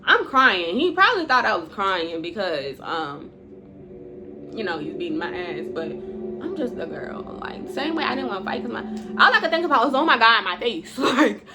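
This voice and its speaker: A woman's voice: mid-range voice, sing-song, normal speed, over music. A woman telling a personal story in a storytime vlog, blunt and profane, emotional, breaking into laughs now and then.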